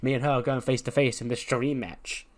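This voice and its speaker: A man's voice: medium pitch, flat delivery, brisk, close to an everyday voice. A man voicing a confident female wrestler who delivers a chatty, self-assured promo.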